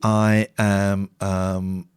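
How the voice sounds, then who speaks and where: A man's voice: sits low, little pitch movement, drawn-out words, smooth, dry recording, clean studio sound. A man co-hosting a late-night live stream, chatting casually and reading out viewer comments in a wry way.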